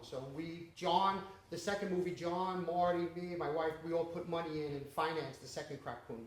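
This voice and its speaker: High-voiced New man telling stories. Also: fairly bright tone, a little hiss or hum. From the Bronx, New York. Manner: storytelling, laughing often, swearing. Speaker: independent filmmaker. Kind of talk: Q&A after a film screening. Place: small cinema venue. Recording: echoey room with audience. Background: audience.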